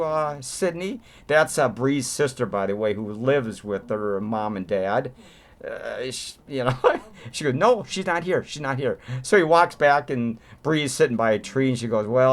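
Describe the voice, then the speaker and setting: Man, mid-pitched voice, casual movie review, rambling, enthusiastic, lots of fillers, home recording. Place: home room.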